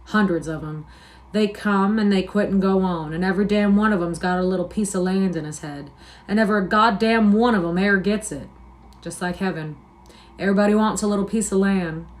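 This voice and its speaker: A woman reading a novel aloud plays a lonely, bitter older ranch hand who talks in a slow, drawling, persuasive way. He broods and muses aloud, sometimes scornful, at a middling pitch. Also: close to an everyday voice. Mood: brooding, persuasive.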